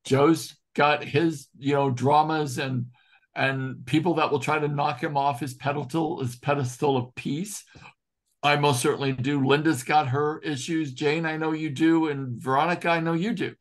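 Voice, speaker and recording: A man's voice: fairly high pitch, steady tone. Earnest man musing in a study group. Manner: earnest and heartfelt, slow and reflective. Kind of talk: casual spiritual group discussion.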